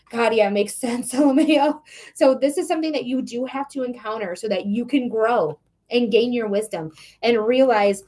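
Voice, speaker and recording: This is a woman giving a tarot reading on a live stream. Her voice sits a bit on the high side, and she talks in a loose, chatty way. She is frank and swears casually mid-reading. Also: a little mellow. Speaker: tarot reader.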